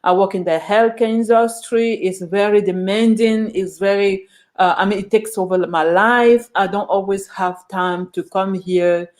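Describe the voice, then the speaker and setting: A woman's voice: medium pitch, fairly even intonation, a little slow. Lady vlogging, super passionate, keeps restarting her sentences. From Ghana. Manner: earnest and passionate, with frequent restarts. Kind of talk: casual opinion monologue to camera.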